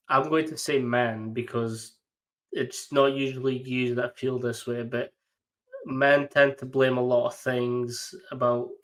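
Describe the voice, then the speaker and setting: A man hosting a podcast in casual conversation, speaking hesitantly with restarts. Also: mid-range voice. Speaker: podcast host.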